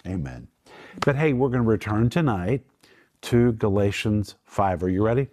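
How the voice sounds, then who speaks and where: A man's voice: fairly low pitch, lively intonation, normal speed, a little mellow. A middle-aged man teaching the Bible on a Christian broadcast, emphatic and lifting his voice when quoting scripture. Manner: emphatic, lifts voice for quoted words.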